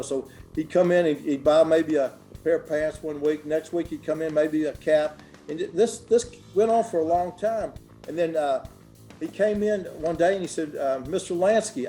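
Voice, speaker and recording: Older man, folksy chatty guest, mellow voice, soft music behind. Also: a little high. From Memphis, Tennessee. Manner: folksy, chatty, many fillers and restarts. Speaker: guest clothier. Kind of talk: casual storytelling interview.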